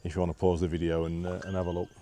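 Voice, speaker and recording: A man with a low, mellow voice talks to the camera as he walks a windy hillside path. His chat is loose and rambling, full of "uh" fillers and dry self-deprecating asides. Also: completely flat delivery, rapid-fire. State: out of breath after climbing. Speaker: vlogger. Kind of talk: casual walking vlog narration.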